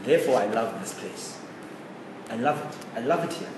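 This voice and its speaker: Co-host in his twenties from South Africa, opinionated and animated, recorded from far off in an echoey room with background noise. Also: mid-range voice, moderate pace. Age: 20s. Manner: opinionated, animated, laughs often. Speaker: podcast co-host. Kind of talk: casual chat.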